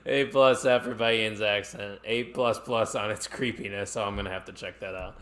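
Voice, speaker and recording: A man's voice: lowish voice, fairly even intonation, normal speed, fairly bright tone. A man co-hosting a live watch-along stream, chatting casually and reacting to the action while reading viewer comments.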